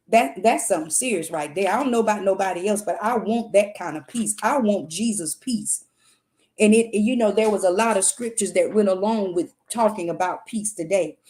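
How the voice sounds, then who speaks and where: A woman's voice: medium pitch, warm tone. A woman hosting a show, giving a devotional talk on faith in a preacherly, repetitive and emphatic way. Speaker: host.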